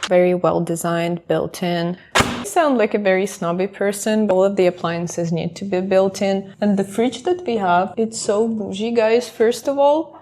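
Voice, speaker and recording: A woman's voice: mid-range voice, fairly even intonation, moderate pace, a little mellow, a little hiss or hum. A young woman vlogger chatting enthusiastically as she walks through her apartment with a small handheld camera. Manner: chatty, enthusiastic about decor. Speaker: vlogger giving an apartment tour. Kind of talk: casual vlog narration.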